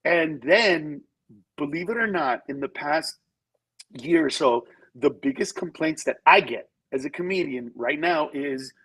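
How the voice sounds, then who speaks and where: A man, a comedian, chatting by phone as a guest and telling stories with lively switches into mocking voices. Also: fairly high pitch, a little slow, husky, poor audio. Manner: animated storytelling, shifts into mocking voices. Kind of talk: casual phone-in chat. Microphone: phone over Bluetooth.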